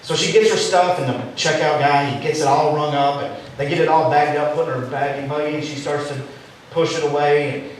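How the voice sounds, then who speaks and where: A man's voice: fairly high pitch, fairly even intonation, fairly quick. A man preaching a sermon in a church, telling a story with a joking twist. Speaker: pastor. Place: church sanctuary. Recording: echoey and distant, faint room noise.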